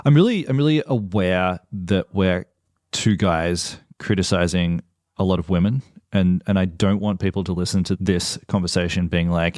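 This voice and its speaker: A man hosting an interview podcast, reflecting on his guest's stories in a measured, thoughtful way. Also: low-pitched, darkish tone, dry recording, clean studio sound. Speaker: podcast host. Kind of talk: conversational interview.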